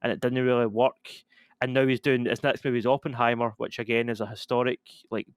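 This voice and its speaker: A man's voice: mid-range voice, little pitch movement, fast talker, clean tone, dry recording, studio quality. A young man, co-hosting a podcast in casual, opinionated chat full of "like" fillers. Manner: opinionated, rambling with frequent "like" fillers. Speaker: podcast co-host.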